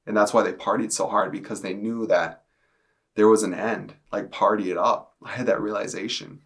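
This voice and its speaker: A young man in his twenties tells his story straight to camera indoors. His voice sits low and stays fairly even in pitch. He talks casually and haltingly, leaning on lots of "like" fillers. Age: 20s. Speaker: testimony speaker. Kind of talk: personal testimony to camera.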